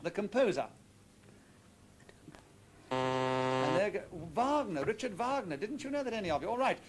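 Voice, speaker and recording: A man hosting a television quiz show in a studio, chatty and brisk, teasing the contestants as he reads out the questions. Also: high-pitched, big pitch swings, a little hiss or hum.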